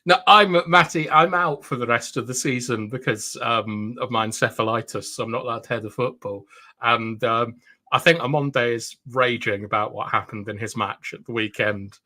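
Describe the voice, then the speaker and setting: A man's voice: mid-range voice, normal speed, sharp tone. A man co-hosting a football livestream, talking casually with frequent hesitations and restarts. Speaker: livestream co-host.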